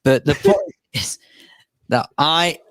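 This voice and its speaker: A man's voice: on the high side, wildly swooping pitch, takes it slowly, fairly bright tone, dry recording, low-quality recording. A man co-hosting a radio chat show who makes dry, mock-formal jokes. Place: radio studio.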